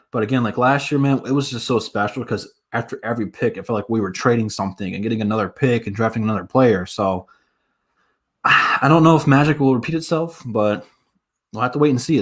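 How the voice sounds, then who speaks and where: A young man from the Detroit area hosting a casual sports live stream, talking straight to viewers in a hyped way with lots of fillers. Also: medium pitch.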